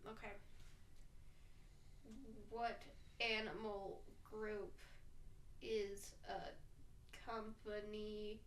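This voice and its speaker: A woman's voice: medium pitch, level tone, a bit bright, slight background noise. A young adult woman co-hosting a podcast, chatting casually and teasing in a playful, joking way. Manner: playful, joking, quick to tease. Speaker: podcast co-host. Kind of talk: casual chat.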